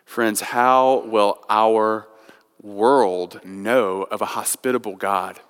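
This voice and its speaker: A man preaching a sermon as pastor, telling a story, swinging from quiet and slow to loud and raised. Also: steady tone, clean tone. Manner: storytelling, builds from soft and slow to loud and high. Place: church sanctuary. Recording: long church hall reverb.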